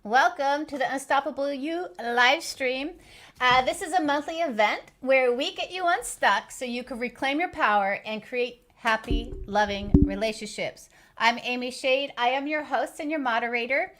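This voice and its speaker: A woman's voice: high-pitched, normal speed, a bit bright. A woman hosting a live stream as a life coach, talking in an earnest, encouraging way with many fillers and restarts.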